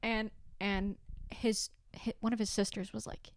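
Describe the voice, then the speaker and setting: A woman's voice: medium pitch, flat delivery, measured pace, no room sound. A woman guest on a casual podcast, telling personal stories with frequent giggles and filler words.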